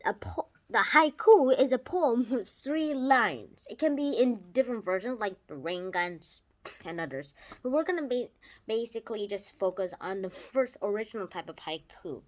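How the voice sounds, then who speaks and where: An excited child talks through a homemade video report, piling up restarts as the thoughts run ahead. The voice sits at a middling pitch but jumps up and down in loudness and tone while explaining. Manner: eager, rambling explanations with frequent restarts. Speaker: video reviewer. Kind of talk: casual spoken video report.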